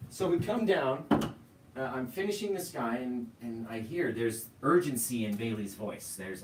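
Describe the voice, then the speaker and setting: A middle-aged man hosting a live painting tutorial, chatting straight to viewers in a casual, storytelling way and checking in with "right?" as he goes. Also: medium pitch. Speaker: painting instructor. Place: home painting room. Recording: roomy, mic at a distance, faint hiss.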